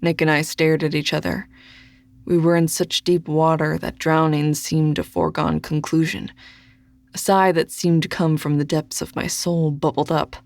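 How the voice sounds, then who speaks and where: Gravelly, dry first-person audiobook narration. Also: mid-range voice, level tone, dry recording. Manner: measured, deliberate reading.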